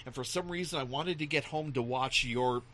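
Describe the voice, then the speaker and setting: A man chatting casually, telling animated stories and acting out the voices of people in them. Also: medium pitch, moderate pace, a little hiss or hum. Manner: animated storyteller who acts out voices, laughing often. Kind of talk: casual chat.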